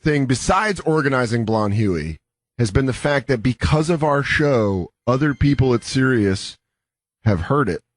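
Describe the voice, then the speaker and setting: Animated joking man, lively pitch. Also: unhurried, dry recording. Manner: animated, joking, acts out quoted voices. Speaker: comedy podcast co-host. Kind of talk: casual comedic banter.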